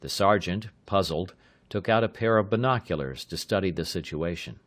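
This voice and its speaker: A man narrating an audiobook in a steady, measured reading. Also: low-pitched. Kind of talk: scripted narration.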